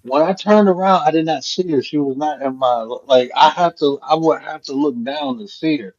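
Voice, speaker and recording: A man's voice: on the high side, moderate pace, gravelly. Man telling a story, lo-fi audio. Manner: animated, profane storytelling. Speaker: host. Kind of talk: casual storytelling chat. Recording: dull lo-fi stream audio.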